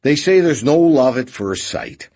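A man's voice: medium pitch, expressive, measured pace, darkish tone, pitched above the performer's own voice. A man voicing a genial, scheming older male fence who coos and talks theatrically in an audiobook. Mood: cooing. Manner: cooing, theatrical.

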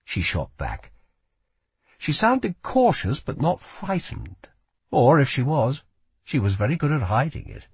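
Man, audiobook narration, low pitch, husky, very lively delivery. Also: slow, no echo. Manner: expressive storytelling.

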